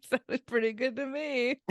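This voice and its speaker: A woman's voice: sits high, dry recording, clean studio sound. A woman co-hosting a casual chat podcast, playful and self-mocking, who laughs a lot. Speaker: podcast co-host, a mother.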